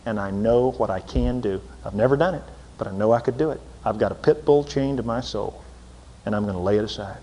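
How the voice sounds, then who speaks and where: A man preaching a folksy sermon, swinging from loud emphatic lines to low intense asides. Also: a little fast, slight background noise. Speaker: pastor. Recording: long hall reverb.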